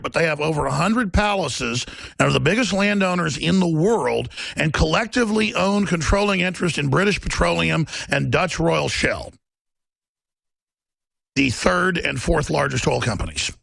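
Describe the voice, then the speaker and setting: A man's voice: fairly high pitch, animated, normal speed, creaky, a bit bright, no echo. A man ranting in political commentary, indignant and sarcastic, sounding exasperated. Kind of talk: ranting commentary over music.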